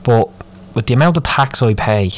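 A man's voice: mid-range voice, animated, normal speed. Sweary Dublin man ranting. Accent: Irish, Dublin. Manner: moaning, sweary, rambling. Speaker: podcast host. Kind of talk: solo ranting podcast.

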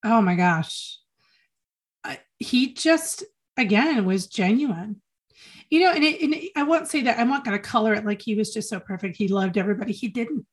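Woman guest, earnest and halting, repeats herself for weight; heartfelt personal recollection. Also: on the high side, animated, husky. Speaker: podcast guest. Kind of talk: emotional personal reminiscence.

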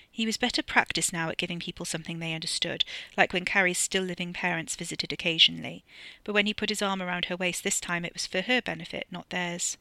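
An author narrating their own novella with crisp, wry storytelling. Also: medium pitch, little pitch movement, fairly quick, sharp tone, dry recording. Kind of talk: audiobook narration.

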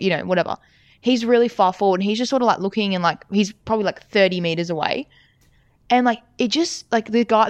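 Smooth-voiced young woman telling a story. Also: mid-range voice, no echo. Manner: rambling, heavy filler words and swearing. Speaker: podcast co-host. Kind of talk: casual storytelling chat.

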